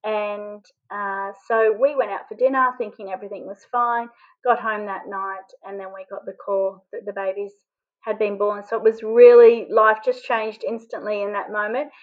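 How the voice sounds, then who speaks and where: A woman's voice: mid-range voice, fairly even intonation, narrow, tinny audio. Emotional woman telling a personal story. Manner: halting, emotional, often choked up. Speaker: interview guest.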